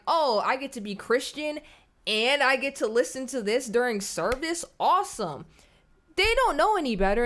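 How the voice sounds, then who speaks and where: A woman giving blunt, scornful commentary on clips during a live stream. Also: fairly high pitch.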